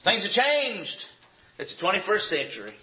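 A man's voice: high-pitched, wildly swooping pitch, normal speed. A man preaching a sermon in a church, emphatic and repetitive, firing off rhetorical questions. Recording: echoey, dull lo-fi sound.

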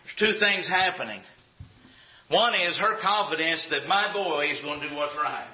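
A man's voice: fairly high pitch, moderate pace. A man preaching a sermon in a folksy, conversational way with acted asides. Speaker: pastor. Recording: dull lo-fi recording.

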